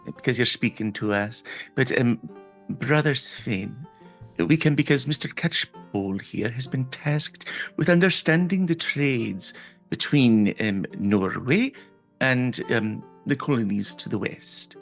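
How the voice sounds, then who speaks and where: Fussy, over-polite nun, voiced by a player, chatty and creaky. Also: mid-range voice, expressive, a little slow, faint music behind.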